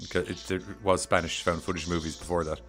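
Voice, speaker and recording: A man's voice: low voice, flat delivery, quick pace, fairly bright tone, soft background music. A man co-hosting a podcast, chatting casually and cutting in with jokes. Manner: joking, interjecting with asides. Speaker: podcast co-host. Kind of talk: casual chat.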